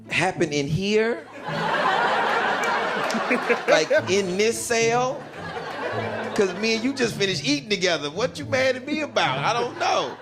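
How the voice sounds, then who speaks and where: A man doing stand-up, telling a prison story and acting out the people in it with shifting voices. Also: sits high. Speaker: stand-up comedian.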